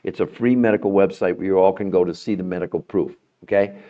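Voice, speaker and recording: A middle-aged podcast host delivers a promotional health pitch straight to viewers, emphatic and persuasive, growing more animated as he goes. His voice is low and quick, and the sound is lo-fi.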